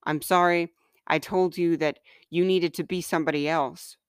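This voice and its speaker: A woman hosting a podcast and reading aloud from her own book in a gentle, measured, heartfelt way. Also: fairly low pitch, steady tone, smooth, no echo, clean studio sound. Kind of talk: slow, earnest reading of personal writing.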